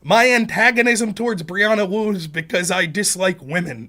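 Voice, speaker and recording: A man's voice: high voice, normal speed, pushed and bright. A man hosting a political live stream, ranting in a profane, combative, sarcastic way. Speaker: livestream political commentator.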